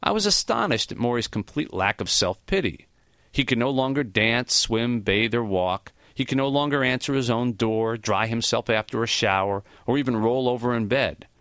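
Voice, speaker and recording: A man's voice: medium pitch, animated, fairly bright tone, no echo, studio quality. Reflective male memoir narrator. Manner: reflective, measured storytelling. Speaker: audiobook narrator. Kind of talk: first-person memoir narration.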